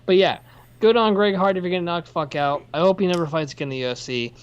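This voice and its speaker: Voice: medium pitch, fast, clear, resonant tone, lo-fi sound. A podcast co-host in casual chat, ranting heatedly and profanely, then apologizing for the outburst. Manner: apologetic after rants. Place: workplace.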